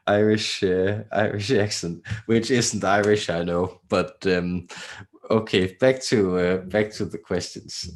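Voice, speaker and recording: A man hosts a live question-and-answer stream in a low voice. He talks haltingly and casually, filling gaps with "um" and "uh" and restarting his phrases. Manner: halting, many fillers and repeated words. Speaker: channeler and live-stream host.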